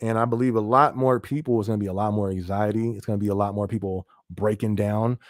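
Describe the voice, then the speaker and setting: Speaking fast in a steady, lowish voice, this man hosts a casual live podcast with clean studio sound and no room echo. He goes through viewer comments and responds loosely and conversationally, relaxed, quick to laugh, and sprinkling in fillers such as "you feel me".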